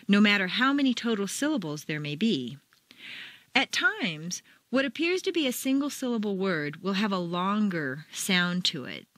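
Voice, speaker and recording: Slow, sing-song woman teaching pronunciation. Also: on the low side, fairly bright tone, no echo. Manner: slow, carefully enunciated, exaggerated intonation. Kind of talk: recorded pronunciation lesson.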